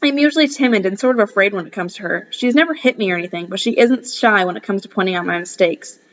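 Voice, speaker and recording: A woman's voice: mid-range voice, fast, a bit bright, muffled recording. A woman reading a first-person novel aloud, casual and breaking off now and then for asides. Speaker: audiobook reader.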